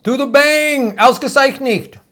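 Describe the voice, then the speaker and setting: This American man's voice is extremely high, pushed and bright, and a little slow. Hosting a political live-stream show, he reads viewers' comments and questions loosely and profanely, joking around with plenty of fillers and drifting asides.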